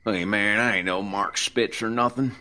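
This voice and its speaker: A man voicing a heavyset, crude middle-aged man who jokes roughly and swears freely. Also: lowish voice, fairly even intonation, moderate pace, bright, forceful tone, pitched above the performer's own voice. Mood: sheepish joking. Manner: joking, rough, profane.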